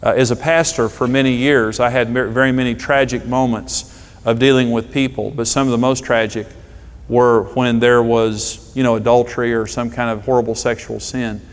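A middle-aged man, a pastor, preaching a sermon with emphatic delivery and stories told with dramatic pauses. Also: medium pitch, flat delivery, clean tone. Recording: long hall reverb.

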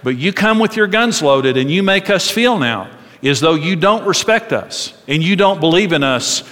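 Middle-aged male pastor, earnest sermon delivery, a touch high-pitched, in a reverberant hall. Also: lively intonation, moderate pace. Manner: earnest preaching, drops soft and low for quoted tender words.

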